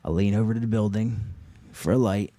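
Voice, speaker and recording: A man performing an improvised comic story on a live show, rambling and packed with fillers and swearing. His delivery swings between loud bursts and low mutters. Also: fairly quick, slight background noise. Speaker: actor and co-host.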